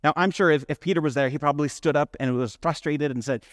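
A man's voice: a little high, fast, no room sound, studio quality. A male pastor preaching in a conversational way, full of rhetorical questions. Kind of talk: sermon.

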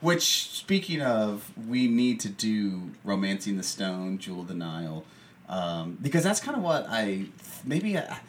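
Podcast co-host, male, lively swinging delivery, laughs a lot, faint room hiss. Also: fairly low pitch, a little slow. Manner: animated, laughs often, jokey mock greetings. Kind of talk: casual chat.

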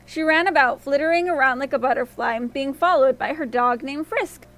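A woman storyteller narrating a fairy tale in a gentle, expressive reading voice. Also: high voice, normal speed.

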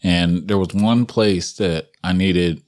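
Low-voiced man, loose rambling storyteller who keeps laughing mid-sentence. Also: slow, darkish tone. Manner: rambling, laughs often, many fillers. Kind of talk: casual storytelling chat.

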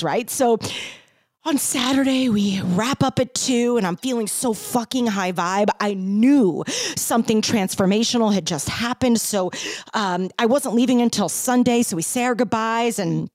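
A woman's voice: on the high side, animated, a little slow, a little mellow, no room sound, studio quality. A woman telling her own story as a brand founder, with playful emphasis and upbeat slang. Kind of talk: personal storytelling monologue.

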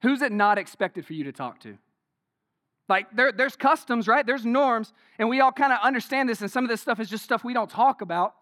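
A man with a high voice preaching a sermon to his congregation. He keeps it conversational, firing off rhetorical questions and tagging "right?" onto his points. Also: animated, fairly quick, fairly bright tone. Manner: says "y'all".

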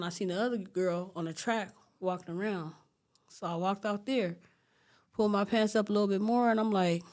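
A woman with a fairly low voice tells her story in an interview. She talks in an animated, streetwise way and acts out the quotes. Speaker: interview guest.

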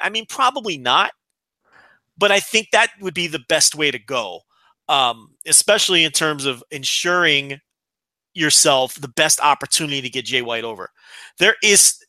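A man's voice: on the high side, pushed and bright, no room sound. A man co-hosting a podcast, giving opinionated analysis in casual talk with frequent restarts. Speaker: podcast co-host.

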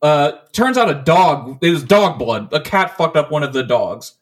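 A man's voice: a little high, lively intonation, normal speed. A man in casual podcast chat, telling a long story in a rambling, profane way, full of restarts.

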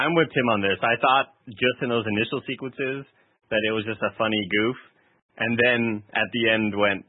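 A man's voice: mid-range voice, steady tone, normal speed, no echo. A man on a podcast joking around casually about a movie scene. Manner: joking, laid-back. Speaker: podcast co-host. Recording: dry phone-like audio.

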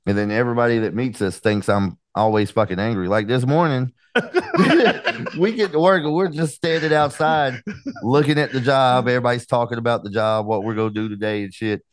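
A man in his forties guesting on a podcast in casual chat, telling wry deadpan stories. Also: mid-range voice, a little fast, dry recording. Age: 40s.

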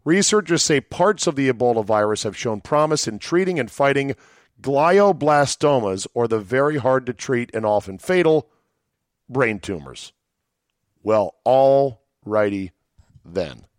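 A man's voice: medium pitch, animated, moderate pace, no echo, clean studio sound. A man hosting a solo podcast, talking in a sardonic, rambling way with chuckling asides. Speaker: podcast host.

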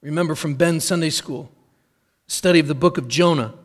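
A middle-aged man preaching a sermon in an earnest, measured way, repeating key phrases for emphasis. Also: on the high side. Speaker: pastor.

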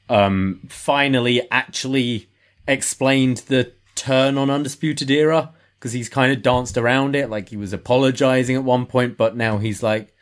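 Wry man breaking down wrestling. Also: medium pitch. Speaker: podcast co-host. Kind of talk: casual wrestling review chat.

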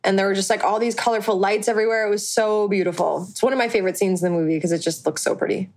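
A young actress joining a podcast as a guest, chatting in a bubbly, enthusiastic way. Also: female voice, mid-range voice, fairly even intonation, rapid-fire, darkish tone. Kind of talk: casual chat.

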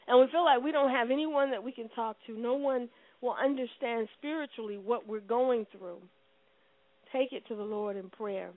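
A woman preaching a sermon with impassioned delivery, swinging from loud declarations to hushed, prayerful tones. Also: fairly high pitch, no room sound. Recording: tinny phone-like line.

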